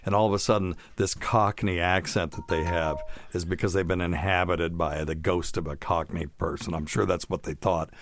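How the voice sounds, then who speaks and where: A man's voice: deep voice, fairly even intonation, moderate pace, few pauses. A middle-aged man hosting a medical podcast, chatting in a jokey, rambling way. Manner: chatty, jokey, wanders off topic. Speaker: podcast host, doctor. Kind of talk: casual chat.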